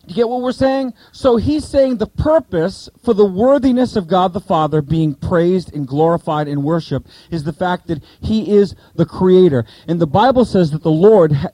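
A man teaching a Bible study to a group, asking the listeners questions and repeating key points slowly. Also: high voice, dark tone, no echo, rough recording.

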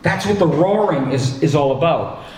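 A male pastor preaching a sermon in a conversational, animated way, with asides and restarts. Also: fairly high pitch, moderate pace, a little hiss or hum. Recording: echoey hall, distant mic.

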